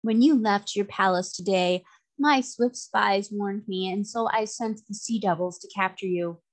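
A woman reading aloud, voicing a vengeful male sea magician who speaks slowly and sweetly with mocking calm. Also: mid-range voice, close to an everyday voice. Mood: gloating.

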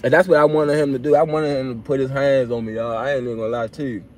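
A young man recounts a story to his viewers in a loose, casual way. His voice sits at an ordinary pitch, and he talks in animated, slang-heavy bursts, voicing his own replies as he goes. A faint hiss of noise sits under his voice. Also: fast talker. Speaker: vlogger telling a personal story.

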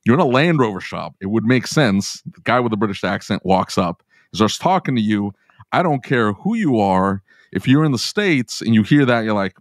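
A man with a lowish voice hosting a podcast, joking and teasing his guests in loose chat with plenty of restarts. The sound is dry and close, with no room echo. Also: very animated, moderate pace. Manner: jokey, teasing, many restarts. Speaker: podcast host. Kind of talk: casual chat and scripted outro.

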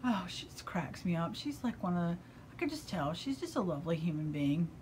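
A middle-aged American woman who owns a yarn shop, chatting casually and enthusiastically about knitting in her shop, gushing with breathy asides. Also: fairly low pitch, big pitch swings, brisk, a little mellow, slight background noise. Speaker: yarn shop owner and vlogger.

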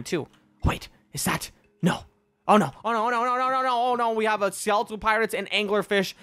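A woman playing a video game and commenting on it, excitable, panicky and playful. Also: lowish voice, dry recording. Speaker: gaming YouTuber.

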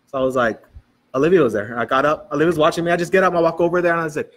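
A man delivers a sermon in a church. He tells lively stories and quotes people in dialogue, with a voice sitting a little higher than most men's. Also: very fast. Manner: animated storytelling, quoting people in dialogue. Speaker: pastor.

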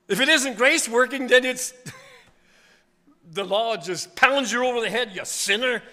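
Speaking slowly, a revival preacher uses his high, piercing, forceful voice to shift between hushed asides and booming, emphatic pronouncements. The long reverb of a church sanctuary carries every word of the sermon.

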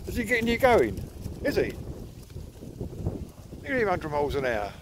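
A man's voice: fairly high pitch, huge pitch swings, normal speed, pauses often, background noise. A middle-aged man, filming on his phone as he walks his dogs outdoors and chats to them in a teasing, playful way. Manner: chatty, teasing, sing-song talk to pets. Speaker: dog owner filming a walk. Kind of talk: chatting to his dogs on a walk. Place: outdoors by water in the countryside. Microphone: phone held while walking.

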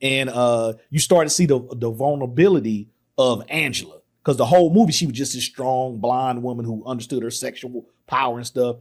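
A man hosting a podcast, excitedly retelling a film's scenes in casual talk, acting out the lines. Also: medium pitch, fairly quick, few pauses. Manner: excited retelling with acted quotes, laughs often. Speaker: podcast host. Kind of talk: casual film discussion.

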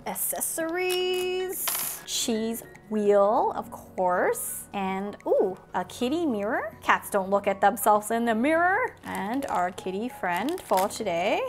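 Excitable young woman unboxing toys. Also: a little high. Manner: excitable, gasping, playful. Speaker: toy unboxing channel host. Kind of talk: toy unboxing narration.

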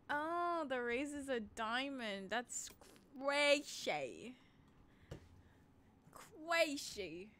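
A woman's voice: high-pitched, lively intonation, very slow, fairly bright tone. A woman streaming a game, chatting casually in a playful, giggly, teasing way. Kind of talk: casual gaming stream chat.

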